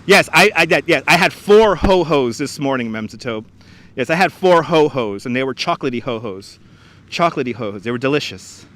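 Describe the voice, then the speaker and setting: A man's voice: medium pitch, lively intonation, a little fast, a bit bright. A man hosting a casual outdoor live stream on a wireless clip-on mic, chatting, reading out viewer comments and greeting people by name. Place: outdoors on a frozen beach.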